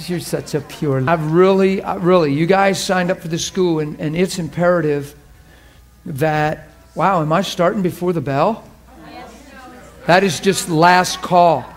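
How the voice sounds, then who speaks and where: A man's voice: on the high side, moderate pace. A man preaching a sermon to a class, emphatic and fervent, often asking the audience questions and laughing with them.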